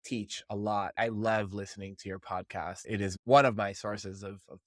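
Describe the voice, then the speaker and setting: A man's voice: lowish voice, fairly even intonation, moderate pace, a bit bright, no echo, studio quality. A man hosting a podcast, asking questions in a chatty, encouraging way with small restarts. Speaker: podcast host. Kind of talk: casual interview talk.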